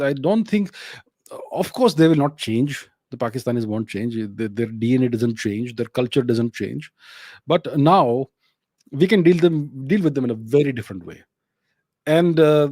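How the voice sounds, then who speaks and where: A man's voice: mid-range voice, mellow, dry recording, studio quality. A man with an Indian English accent, hosting a solo commentary show and answering viewer questions, emphatic and full of rhetorical questions.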